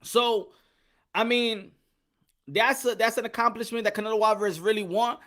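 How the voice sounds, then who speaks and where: A lively man hosts a boxing live stream, talking in loose, repetitive bursts and shouting out names from his chat. His voice has a bright, forceful edge. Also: high voice, normal speed. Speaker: boxing channel host. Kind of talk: live-stream commentary chatting with viewers.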